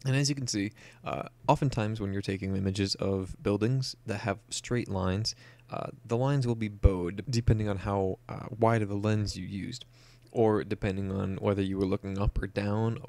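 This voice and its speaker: A man's voice: on the low side, steady tone, normal speed, creaky, hardly any pauses, warm tone, dry recording. A young man talking casually through a photo editing tutorial, explaining each step with plenty of "uh" and "um". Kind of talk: screen-recorded software tutorial.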